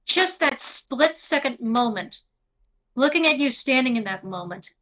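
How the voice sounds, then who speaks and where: A woman's voice: high-pitched, expressive, a little slow, sharp tone, a little hiss or hum. A woman narrating a tabletop game as game master over a video call, descriptive and prone to self-corrections.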